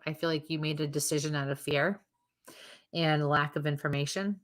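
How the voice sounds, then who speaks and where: A woman's voice: low-pitched, steady tone, moderate pace. A woman co-hosting a live show, reading spirit messages for viewers in a chatty way with frequent laughter. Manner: warm, chatty, laughs often. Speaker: psychic medium co-host.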